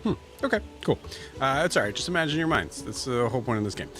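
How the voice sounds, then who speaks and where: A man running a tabletop game as game master, narrating slowly with many fillers and restarts. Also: medium pitch, animated, fairly bright tone, soft background music.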